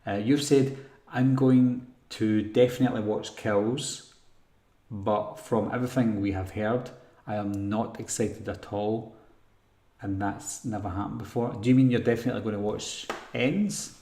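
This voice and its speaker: Male host, lowish voice, rambling live chat reads, roomy echo. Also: unhurried. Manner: relaxed, rambling, frequent ums and throat clearing. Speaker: horror channel host answering live chat. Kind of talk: casual live stream Q&A.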